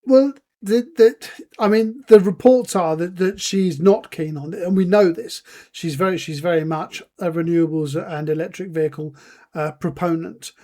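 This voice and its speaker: A man co-hosting a podcast in casual chat, laying out facts in a measured, informative way with filler words. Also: high voice, dark tone. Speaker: podcast co-host.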